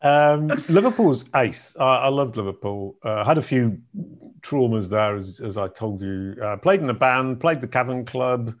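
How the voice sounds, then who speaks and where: A man's voice: mid-range voice, expressive, a little slow. Chatty middle-aged man. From Yorkshire, England. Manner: chatty, self-deprecating storyteller. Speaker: guest. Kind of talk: conversational interview.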